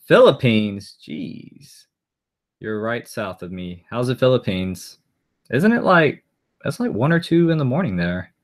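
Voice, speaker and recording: A man's voice: mid-range voice, very animated, measured pace. A man chatting casually on a live stream, rambling and answering viewer comments aloud as he goes.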